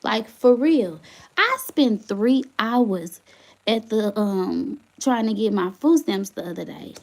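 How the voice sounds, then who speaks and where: A young woman livestreaming to her chat from her phone, venting indignantly and getting loud as she complains. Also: medium pitch, animated, slow. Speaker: vlogger, single mother.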